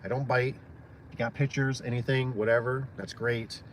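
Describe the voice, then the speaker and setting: A man's voice: medium pitch, steady tone, normal speed, a little hiss or hum. Chatty rambling man outdoors. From Michigan, USA. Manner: rambling, friendly, many fillers. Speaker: small business owner live-streaming. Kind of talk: casual live-stream chat.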